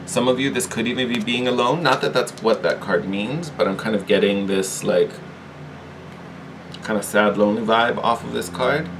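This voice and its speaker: Man, tarot reader, casual chat, animated, laughs easily, fairly low voice, faint background hum. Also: normal speed. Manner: chatty, animated, laughs easily, repeats words. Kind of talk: casual spoken tarot reading.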